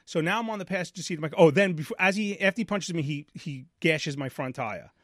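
In a clean studio recording with no echo, a man in his forties speaks at a quick pace with a fairly high pitch. He's a podcast host from New York, animatedly acting out voices as he tells a casual story and often repeating himself.

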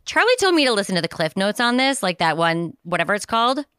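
Chatty bright-voiced woman podcast host. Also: medium pitch, big pitch swings, quick pace, smooth, no room sound, clean studio sound. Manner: chatty, rambling, jokey with silly voices. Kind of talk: casual chat.

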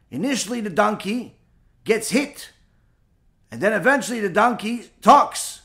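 Emphatic high-voiced man preaching. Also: lively intonation, a little slow, vocal fry, pauses often, bright, forceful tone. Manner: emphatic, rhetorical questions, mixes Hebrew terms. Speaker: rabbi giving a Torah class. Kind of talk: sermon.

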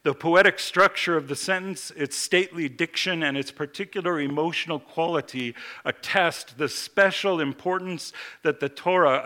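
Bright-voiced man preaching a measured sermon. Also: a little high. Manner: measured, slows for scripture quotes, builds emphasis.

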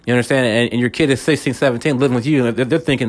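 A man's voice: medium pitch, racing, few pauses. A man hosting a podcast, talking through a casual faith monologue, repeating words and often checking in with listeners. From United States. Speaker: podcast host.

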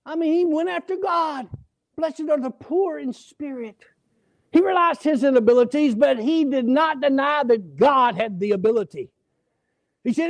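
A man preaching a sermon, folksy and animated, acting out voices as he tells stories in church. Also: very high voice, gravelly, no room sound. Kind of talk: sermon with storytelling.

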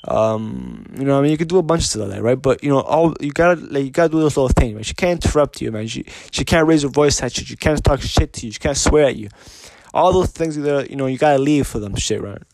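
A man's voice: medium pitch, fast talker, a little mellow, dry recording. Blunt, profane man talking off the cuff. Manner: repetitive, profane, keeps asking "you know what I mean"; blunt and insistent, restarts sentences often. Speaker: podcast host giving dating advice. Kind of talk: casual unscripted monologue.

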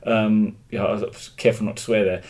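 A man's voice: fairly low pitch, level tone, brisk, a little mellow. Emphatic English man with a medium voice. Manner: emphatic, opinionated, thinks aloud with restarts. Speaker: interview guest. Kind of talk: casual conversational interview.

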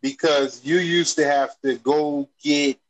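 A man's voice: a little high, steady tone, takes it slowly, muffled recording. A man co-hosting a casual chat, joking and reminiscing with a laid-back manner.

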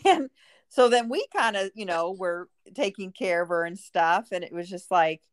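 A woman's voice: medium pitch, lively intonation, moderate pace. A middle-aged woman chatting casually as a guest, rambling with lots of fillers. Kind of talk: casual chat.

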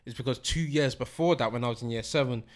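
A man's voice: mid-range voice, fast. Young man telling a story. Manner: slangy storytelling, laughs often. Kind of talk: casual chat among friends.

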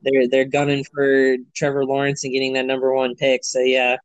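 A man hosting a sports podcast from his computer over a remote call, with an easygoing manner and frequent "uh" pauses. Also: mid-range voice, monotone, slight background noise, poor audio. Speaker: podcast host. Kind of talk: casual sports chat.

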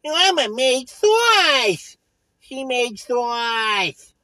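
A man putting on a loud, boastful pizza-shop guy, chanting slogans about his mama's sauce in a sing-song way. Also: very high-pitched, very animated, takes it slowly, slightly rough, no echo, voice pushed up, heavily acted, rough recording.

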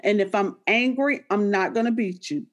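A woman, animated and laughing as she tells stories about raising her children in a candid conversation. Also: medium pitch, moderate pace. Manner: animated storyteller, quoting herself to her kids, laughs often.

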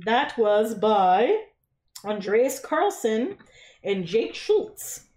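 A woman's voice: fairly high pitch, sing-song, very slow. A woman co-hosting a podcast, chatting casually and laughing often as she tells stories. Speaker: podcast co-host. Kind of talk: casual chat, storytelling. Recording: roomy with loud background noise.

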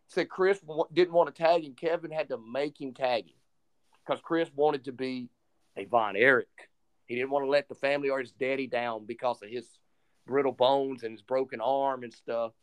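Guy on a podcast telling a story, gets animated, voices the people he quotes. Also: mid-range voice, normal speed, clear, resonant tone. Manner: animated retelling, acts out quoted dialogue. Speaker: podcast co-host. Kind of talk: casual storytelling chat.

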